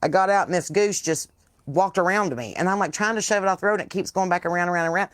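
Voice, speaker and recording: A woman's voice: lowish voice, fast talker, no room sound. A woman, hosting a casual live chat from her porch and telling stories with salty language and plenty of swearing. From Southern US. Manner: animated, salty storytelling with swearing. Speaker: podcast host. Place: outdoors on a porch.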